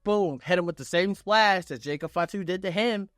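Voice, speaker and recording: A man's voice, pitched a bit higher than most, rattles through a wrestling recap with swearing and rising excitement. The sound is dry and close, with almost no room around it. His telling runs like hyped play-by-play with a casual edge. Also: moderate pace, no echo. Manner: excitable, profane play-by-play retelling. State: on vacation. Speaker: wrestling reviewer. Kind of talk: casual reaction review.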